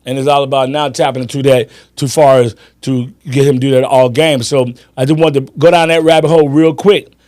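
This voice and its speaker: A man hosting a sports podcast, telling animated stories in casual chat and acting out his friends' lines. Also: medium pitch, a little fast, hardly any pauses. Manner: animated storyteller, acts out friends' lines, laughs often. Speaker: podcast host.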